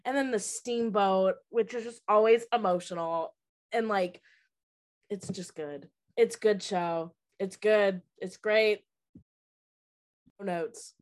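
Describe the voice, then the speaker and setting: A woman's voice: medium pitch, slow pace. A woman co-hosting a podcast, gushing in casual chat and saying "like" often. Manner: gushing, lots of "like". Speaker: podcast co-host.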